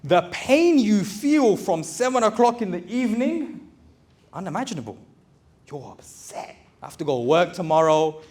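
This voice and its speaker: A man's voice: sits high, very animated, normal speed, darkish tone. A man giving a motivational talk to a live audience, speaking conversationally and calling out to the crowd with slang.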